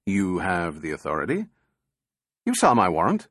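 A man voicing a fussy, nervous little male official who blusters and pushes his voice higher. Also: huge pitch swings, moderate pace, fairly bright tone, no room sound, studio quality, exaggerated voice. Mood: blustering.

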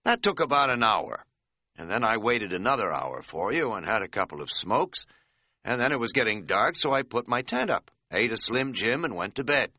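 A man's voice: medium pitch, big pitch swings, normal speed, pushed and bright, dry recording, studio quality, exaggerated voice. A man voicing a scatterbrained middle-aged hiking buddy who talks in a folksy, rambling, self-mocking way. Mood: rambling sheepish. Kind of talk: audiobook character voice.

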